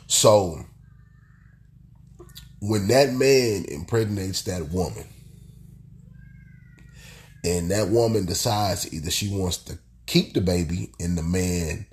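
A very deep-voiced man talks through a solo podcast. His voice is stuffy and congested from illness. He rambles and circles back, repeating phrases with plenty of "you know.". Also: a little mellow. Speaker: podcast host. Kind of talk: casual solo podcast monologue.

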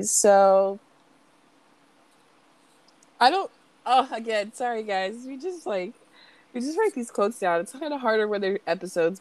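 A young woman co-hosting a podcast, chatting casually and retelling scenes in an animated way. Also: fairly high pitch, dry recording. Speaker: podcast co-host. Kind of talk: casual chat.

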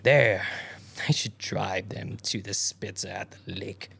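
A man's voice: lowish voice, takes it slowly, gravelly, sharp tone, husky, heavily acted. A man voicing a grumbling male coachman who curses his employers. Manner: cursing, grumbling.

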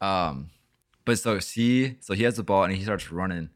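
A man's voice: low voice, moderate pace. A young man hosting a podcast, telling a story in a rambling, casual way with lots of swearing and filler words. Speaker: podcast host.

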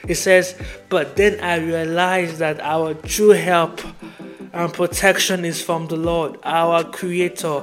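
A man's voice: a little high, flat delivery, slow pace, fairly bright tone, soft background music. A man preaching a devotional podcast sermon, earnest and repetitive, reading Bible verses aloud.

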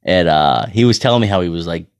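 A man's voice: low voice, lively intonation, fast. A man in his thirties telling a rambling, profane story in casual monologue, often laughing. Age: 30s. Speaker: amateur hockey goalie.

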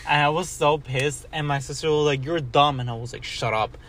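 A man's voice: on the high side, brisk, very noisy. A young man rambling through a casual story, full of "like" and casual swearing, talking as a co-host.

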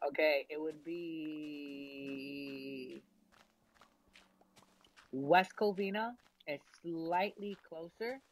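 A woman's voice: low voice, extremely slow, pauses often, darkish tone, poor audio. A young woman vlogging casually, rambling with lots of fillers and frequent giggles while she eats. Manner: eating while talking. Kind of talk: casual chat.

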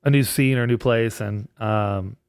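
A man's voice: on the low side, normal speed, vocal fry, clear, resonant tone, dry recording, studio quality. A man who works as a comedian and bartender, telling a rambling story in a casual chat and laughing as he goes.

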